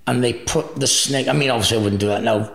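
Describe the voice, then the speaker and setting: A man's voice: medium pitch, quick pace, vocal fry, a bit bright. A man as an interview guest, telling crude travel anecdotes with frequent laughter. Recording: echoey room.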